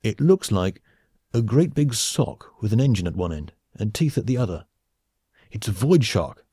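A man's voice: lowish voice, very animated, normal speed, mellow, breathy edge, no echo, clean studio sound. A man voicing a pompous, blustering male space captain in an audiobook, with a bluff, clipped, commanding manner.

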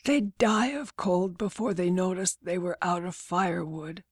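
A woman's voice: lowish voice, unhurried, slightly rough, no room sound. A woman voicing a tall, blunt woodcutter in a storybook reading, with a dry, weary manner. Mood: grumbling.

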